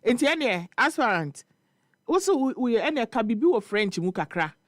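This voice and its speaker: A Ghanaian man hosting a morning radio show, telling a story and reading listener comments in an animated, laughing way. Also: very high-pitched, normal speed, dry recording, clean studio sound. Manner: animated, laughing storyteller mixing Twi and English. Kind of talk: casual chat reading social media comments. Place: radio studio.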